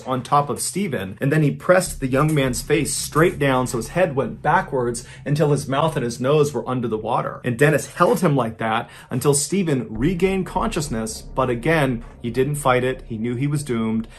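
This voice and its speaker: A man's voice: mid-range voice, expressive, moderate pace, few pauses, slight background noise. A man hosting a show, retelling a true crime story in a plain conversational way, with the odd spoken filler.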